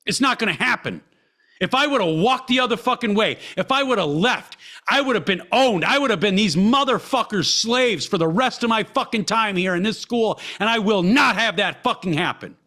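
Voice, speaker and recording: A man's voice: sits high, expressive, moderate pace, sharp tone. A man hosting a podcast, telling a personal story in a heated, blunt way with constant swearing. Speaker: podcast host.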